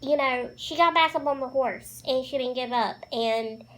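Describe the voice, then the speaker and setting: Bubbly high-voiced woman vlogger. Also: normal speed, low-quality recording. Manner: bubbly, gushing, chatty. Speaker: beauty vlogger. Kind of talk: casual makeup tutorial chat.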